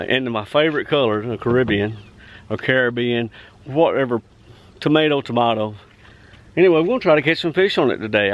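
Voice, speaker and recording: A man talking casually and rambling as he fishes from a kayak on a lake, often correcting himself. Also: fairly high pitch. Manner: rambling, self-correcting, folksy. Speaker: fishing vlogger. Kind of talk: casual outdoor vlog narration. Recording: distant, muffled outdoor camera audio.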